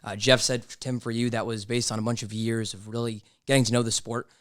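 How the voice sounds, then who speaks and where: A young male student asks a polite, prepared question. He talks quickly in a flat, smooth voice. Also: mid-range voice. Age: young adult.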